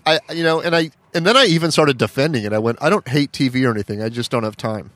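A man's voice: medium pitch, fast, fairly bright tone, no echo. A man co-hosting a podcast, casually telling a story and acting out both sides of a phone call. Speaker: podcast co-host.

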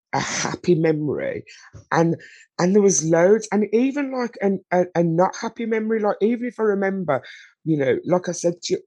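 A woman's voice: fairly low pitch, dark tone, no echo. A woman, a guest in an interview, talking candidly and emotionally, bluntly, with frequent rhetorical questions.

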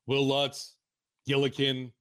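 A man with a bright, forceful voice chats on a sports podcast. He is easygoing and agreeable. He talks at a mid pitch. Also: completely flat delivery, slow, clear, resonant tone. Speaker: podcast co-host. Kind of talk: casual sports podcast chat.

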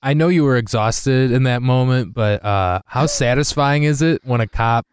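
A man's voice: mid-range voice, moderate pace, smooth, dry recording. A man hosting a casual podcast chat, reacting with laughs and short exclamations. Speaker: podcast host.

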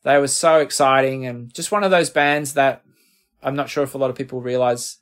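A man's voice: medium pitch, steady tone, brisk, a bit bright, smooth. A middle-aged man with an Australian accent, a guest musician telling rambling, self-deprecating stories in a casual interview.

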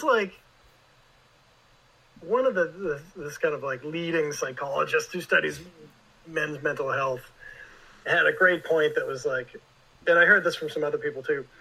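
Bright-voiced man, rambling guest. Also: a little high, low-quality recording. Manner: rambling, heavy on filler words. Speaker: guest writer. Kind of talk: casual interview talk.

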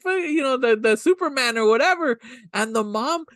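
A man's voice: extremely high pitch, animated, normal speed, a bit bright, no echo, clean studio sound. A man co-hosting a podcast, chatting casually and profanely about an old movie, laughing and acting out the lines. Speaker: podcast co-host.

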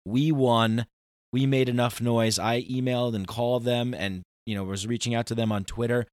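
A man's voice: mid-range voice, steady tone, normal speed, dry recording, studio quality. A man hosting a podcast, talking in a casual, ranting monologue with emphatic outbursts. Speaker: podcast host.

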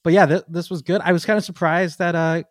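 Excitable man chatting, dry close sound. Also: on the high side, fast talker, dry recording. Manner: excitable, laughs often, trails off with ums. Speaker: podcast co-host. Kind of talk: casual chat.

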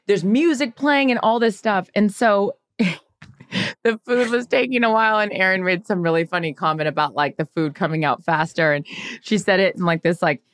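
Animated woman telling stories, dry sound. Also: mid-range voice, no room sound. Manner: animated storyteller, acts out quotes in voices. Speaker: podcast co-host. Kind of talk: casual chat.

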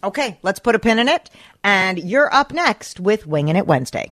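Lively woman co-hosting talk radio. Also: medium pitch, normal speed, no room sound. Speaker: radio co-host.

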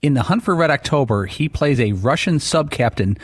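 An enthusiastic male co-host on a sports talk show, with a middle-pitched voice. The sound is dry and close, with no room echo at all. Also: expressive, fairly quick, breathy edge.

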